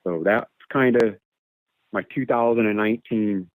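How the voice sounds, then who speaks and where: A man's voice: fairly low pitch, a little slow, dry recording. A man telling a long personal story in a casual, rambling way, repeating words and imitating animal calls, over a phone line. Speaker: guest telling an encounter story. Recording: tinny phone line, dry.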